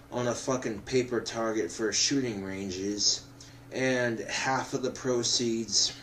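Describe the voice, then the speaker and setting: A drunk man rambling to the camera, swearing often and breaking into loud outbursts. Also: mid-range voice, slight background noise. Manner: profane, swings into loud outbursts.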